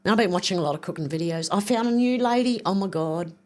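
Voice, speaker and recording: An older woman chats on her livestream in a loose, rambling way. She reads viewer comments aloud and thinks out loud while she clicks around. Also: on the low side, fast. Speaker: livestream host. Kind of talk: casual livestream chat reading viewer comments.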